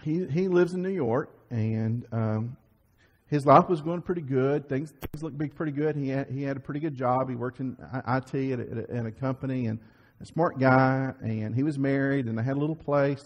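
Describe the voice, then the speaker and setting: A man preaching a Sunday sermon, telling stories in a lively way, acting out quoted voices and often restarting his sentences. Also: medium pitch, a little fast. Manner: animated storytelling, acts out quoted voices, many restarts. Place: church sanctuary. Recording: church sermon audio with long reverb.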